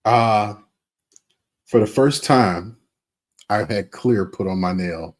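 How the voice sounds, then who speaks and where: A man in his fifties co-hosting a podcast, telling stories in a casual, candid way with plenty of fillers. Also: fairly low pitch. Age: 50s. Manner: unhurried, candid storytelling with many fillers. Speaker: podcast co-host. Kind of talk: casual chat.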